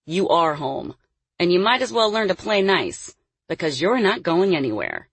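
A woman's voice: fairly low pitch, very animated, normal speed, breathy edge, no echo, exaggerated voice. A woman reading the part of a cruel man who keeps a girl caged, snarling and taunting his threats. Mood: menacing. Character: cruel, menacing adult male captor in charge. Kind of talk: audiobook character voice.

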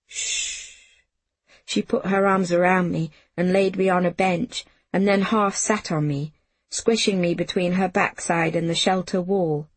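A woman narrating a novel in the first person, in an unhurried, measured audiobook reading. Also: fairly low pitch, fairly even intonation, husky, dry recording.

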